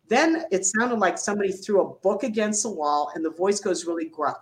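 Older woman telling animated stories. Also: fairly low pitch, normal speed, poor audio. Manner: animated storyteller, acts out quotes. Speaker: guest, retired Navy doctor. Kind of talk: storytelling interview.

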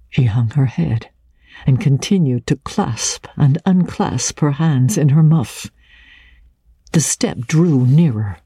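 Woman narrator, dramatic reading of a classic novel, slow and measured, mellow, dry studio sound. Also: low-pitched, slightly rough, no room sound. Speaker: reader.

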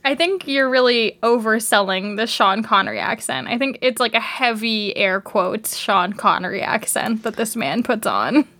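A young woman with a fairly high voice chats about a show on a podcast. She is lively and opinionated and giggles often as she talks. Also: moderate pace, few pauses. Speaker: podcast co-host. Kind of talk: casual chat recapping a show.

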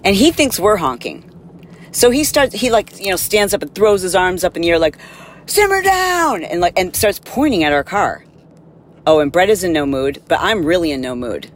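A woman hosting a podcast, telling an animated, exasperated story in a casual monologue and acting out the people in it. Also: fairly low pitch, fairly quick, a little hiss or hum. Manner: animated, exasperated, acts out quotes. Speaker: podcast host.

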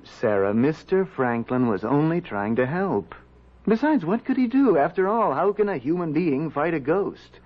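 A man's voice: fairly high pitch, big pitch swings, normal speed. An actor playing a timid, evasive young man who hesitates and stammers, in a radio drama. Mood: uneasy. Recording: muffled 1970s radio drama.

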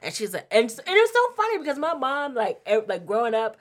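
A woman's voice: high-pitched, quick pace. A woman chatting casually, telling family stories with lots of laughter and acted-out quotes. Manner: animated storyteller, acts out quotes, laughs often. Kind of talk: casual chat.

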